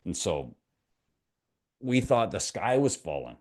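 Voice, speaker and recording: A man's voice: low-pitched, very animated, slow pace, darkish tone. A middle-aged Canadian man, a mindset coach, telling a parable and personal story in a conversational, motivational way to camera. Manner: conversational, asks the viewer questions, retells a parable.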